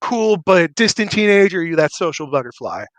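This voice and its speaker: A man's voice: high voice, animated, brisk, a bit bright, dry recording. A man narrating a tabletop game as dungeon master, playful and chatty. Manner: playful, chatty, full of fillers like 'like'.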